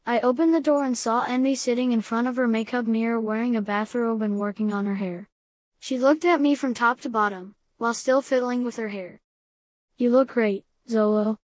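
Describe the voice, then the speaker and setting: Woman storyteller, kinda high voice, super dry close mic, steady read. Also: no echo. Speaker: audiobook reader. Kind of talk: first-person story narration.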